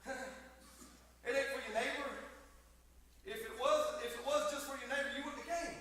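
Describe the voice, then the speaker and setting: A middle-aged pastor delivers a folksy, emphatic sermon in a church sanctuary, his volume swelling and falling. His voice is very high, steady, pushed and bright, at normal speed, with a faint hiss or hum. The mic sits far off in an echoey hall.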